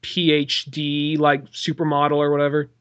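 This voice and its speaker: A young man co-hosting a casual comedy podcast, dry in tone and telling little stories. His voice sits a bit high for a man. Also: completely flat delivery, moderate pace, a bit bright, clean tone, muffled recording. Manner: dry, storytelling with acted-out quotes. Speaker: podcast co-host.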